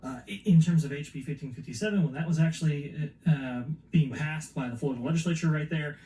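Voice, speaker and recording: A man's voice: fairly high pitch, fast, dark tone, roomy sound, rough recording. A man in a casual chat, speaking hesitantly with many fillers.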